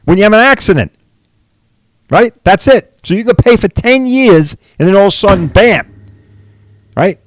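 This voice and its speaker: This is a casual podcast rant by a middle-aged man who owns a body shop on Long Island, blunt and studded with repeated "all right" and "right?" His voice sits high and expressive at a normal speed, and he pauses often. A little hiss or hum runs underneath.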